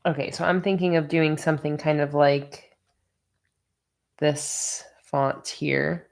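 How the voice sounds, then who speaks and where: A woman with a low, gravelly voice speaks slowly in a fairly even tone. She's a sleepy, yawning bullet journal host running a casual planning livestream, crafting and chatting with viewers as she thinks aloud.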